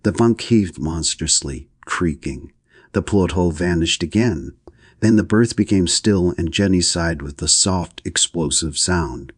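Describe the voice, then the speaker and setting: Male audiobook narrator: very deep, husky voice, measured delivery. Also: no room sound, clean studio sound. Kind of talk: scripted narration.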